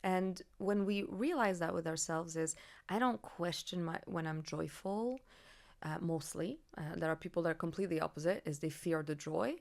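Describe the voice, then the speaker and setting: A woman hosting a podcast, talking earnestly and expressively in a reflective conversation, getting animated when she makes a point. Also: lowish voice, normal speed, gravelly. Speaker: podcast host.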